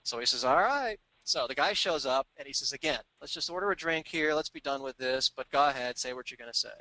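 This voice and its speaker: Male sales trainer, bright forceful tone, dry close recording, animated storyteller. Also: mid-range voice, fast, dry recording, low-quality recording. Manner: animated anecdotes, acting out quoted voices. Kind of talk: storytelling business talk.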